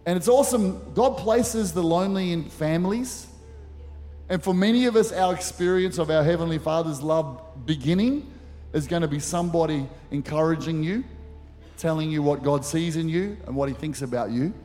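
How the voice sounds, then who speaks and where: A man's voice: a little high, normal speed, dark tone. A middle-aged man preaching a sermon as pastor, telling stories animatedly with acted asides. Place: church auditorium. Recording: church hall reverb with faint music.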